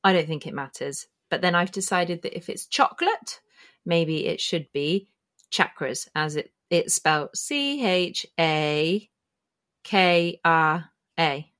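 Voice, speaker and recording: Slow, chatty woman podcast host. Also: fairly low pitch, expressive, a bit bright. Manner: chatty, meandering, self-correcting. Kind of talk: casual spoken explainer. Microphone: filmed while talking, pointing to body.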